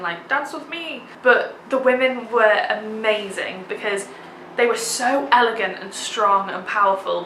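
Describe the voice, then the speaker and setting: A woman's voice: mid-range voice, pushed and bright, slight background noise. Gushing young woman vlogger, echoey room. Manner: gushing, enthusiastic, many filler "like"s. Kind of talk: casual theatre review vlog.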